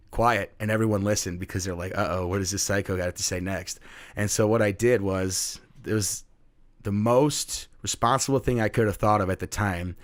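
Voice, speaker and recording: A young adult man, a middle school teacher, telling classroom stories in a casual chat and acting out his students. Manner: animated storyteller who acts out students in high voices.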